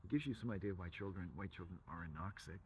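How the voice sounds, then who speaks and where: A man's voice: low-pitched, fast talker, a little mellow, a little hiss or hum, poor audio. A man from England, rambling through a profane, provocative monologue full of wordplay.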